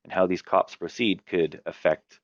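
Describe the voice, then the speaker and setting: A man with a very low voice recaps his tabletop game in a relaxed, rambling way, stopping now and then to correct himself. The recording is dull and lo-fi, in a dry room with no echo. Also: moderate pace. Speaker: game master and podcast host. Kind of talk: casual chat about tabletop games.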